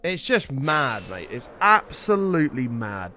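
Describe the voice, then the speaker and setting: Ranting British man with lively pitch. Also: unhurried, faint music behind. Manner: heated ranting, frequent swearing, chatty asides to viewers. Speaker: live streamer. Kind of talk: casual live-stream chat.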